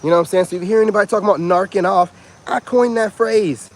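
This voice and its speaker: A man with a slightly higher voice gives a casual self-help vlog monologue. He rambles in an animated way and swings his pitch up and down. He keeps circling back to filler phrases. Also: fast. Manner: animated, rambling, repeats "you know what I'm saying".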